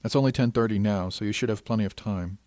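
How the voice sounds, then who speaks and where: A calm, kindly woman commanding a starship, gentle yet brisk and businesslike, as a male narrator puts her on. The voice sits low and sounds dry and close. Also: no room sound, lightly acted. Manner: gentle, brisk and matter-of-fact.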